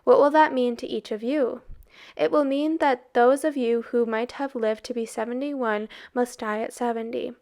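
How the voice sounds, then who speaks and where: A woman reading aloud gives a mysterious older man who strikes a bargain a slow, solemn, coaxing delivery. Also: on the high side, fairly even intonation, darkish tone, natural voice.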